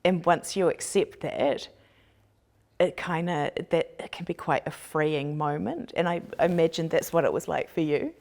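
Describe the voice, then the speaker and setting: Woman, podcast host, deep voice, gravelly fry, earnest, reflective. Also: normal speed, a little mellow. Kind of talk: casual podcast chat.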